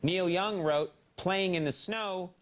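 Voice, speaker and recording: A man's voice: high voice, slow. A man in his forties hosting a late-night show, reading mock survey answers with wry, mock-serious punchlines. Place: TV studio stage before a live audience. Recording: TV broadcast with loud audience laughter. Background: studio audience laughing.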